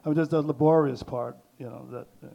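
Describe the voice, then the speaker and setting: An older man speaking on a panel, halting and full of restarts and fillers as he works through his thoughts. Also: a little high, steady tone, vocal fry, muffled recording. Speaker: artist on a panel. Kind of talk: hesitant panel talk.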